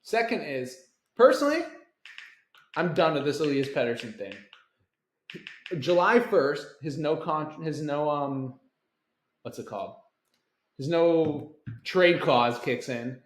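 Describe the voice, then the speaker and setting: A man co-hosting a casual sports podcast, steady and steering the talk, with frequent ums. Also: a little high, a little slow. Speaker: podcast co-host. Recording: echoey room.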